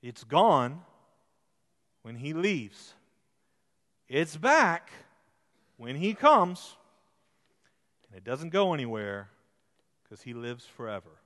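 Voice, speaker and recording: Emphatic preacher in a reverberant hall. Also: male voice, fairly high pitch, very animated, slow pace, long pauses. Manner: swings from hushed to loud and emphatic. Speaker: pastor. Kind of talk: sermon.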